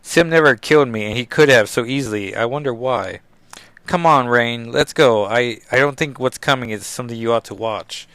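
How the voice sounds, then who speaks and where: A man's voice: mid-range voice, moderate pace, a bit bright, smooth, no room sound, close to an everyday voice. A man reading the lines of a grim, haunted young sorceress plainly, without an accent. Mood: somber.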